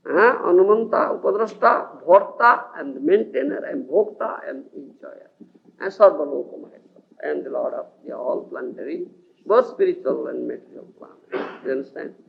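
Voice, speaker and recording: On an old lecture tape, a male spiritual teacher from India explains scripture and keeps asking whether his audience follows him. His slightly high, creaky voice has lively intonation and a brisk pace, heard through narrow, tinny audio with slight background noise.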